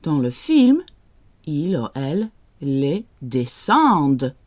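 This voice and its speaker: Slow, expressive woman teaching French. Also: low voice, no room sound. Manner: slow, careful model pronunciation with questioning rises. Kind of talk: language lesson with slow example sentences.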